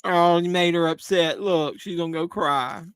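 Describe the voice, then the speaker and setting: A man's voice: on the high side, fairly even intonation, normal speed, fairly bright tone, clear, resonant tone, no echo. A man hosting a live movie watch-along, making casual commentary full of crude jokes. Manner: crude joking banter. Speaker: live-stream host.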